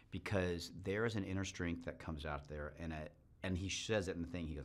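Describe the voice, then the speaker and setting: A man's voice: low voice, fairly quick. A man giving a promotional interview soundbite as a film producer, talking with enthusiasm and acting out quoted lines.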